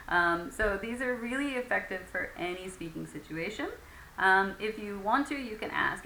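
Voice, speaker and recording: A woman's voice: mid-range voice, lively intonation, moderate pace, bright, forceful tone. A woman teaching an English conversation lesson in a patient way, with many fillers, acting out example phrases. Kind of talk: recorded lecture. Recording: echoey room with faint ambient noise.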